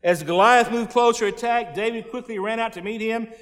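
A man's voice: extremely high pitch, a little fast. A man preaching a sermon, reading scripture verses and retelling them in folksy slang. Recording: long hall reverb.

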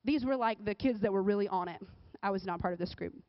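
A woman giving a casual, conversational sermon, often checking in with the crowd with a quick "right?". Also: mid-range voice, no room sound. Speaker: speaker at a church or youth service. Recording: dull, dry recording.

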